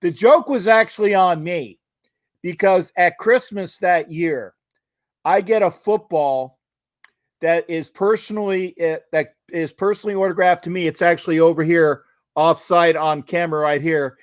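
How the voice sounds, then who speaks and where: A man hosting a casual interview, telling a story in an animated way over a video call. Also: on the high side, moderate pace, no room sound, clean studio sound. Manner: animated storyteller, acts out quotes excitedly. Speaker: podcast host.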